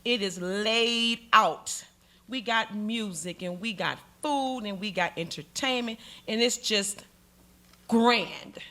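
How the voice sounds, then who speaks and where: A middle-aged woman telling a story on stage, dramatic and animated, acting out the voices in it. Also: medium pitch, slow pace. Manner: animated, dramatic, acts out every voice. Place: stage in a museum hall.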